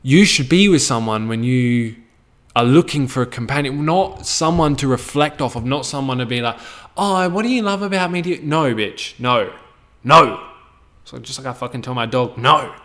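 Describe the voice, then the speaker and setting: A man's voice: medium pitch, moderate pace, a bit bright. An Australian man hosting a podcast, ranting casually with blunt, heavy swearing and a preachy tone. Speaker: podcast host.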